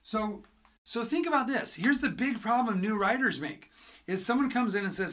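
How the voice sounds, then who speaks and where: Bright, energetic writing coach. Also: mid-range voice, moderate pace. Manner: energetic, asks rhetorical questions, acts out dialogues. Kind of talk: motivational teaching talk.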